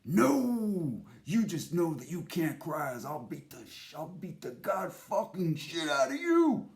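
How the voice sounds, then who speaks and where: A man voicing an angry, threatening father who barks gruff, profane replies. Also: on the high side, sing-song, measured pace, darkish tone, heavily acted. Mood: harsh.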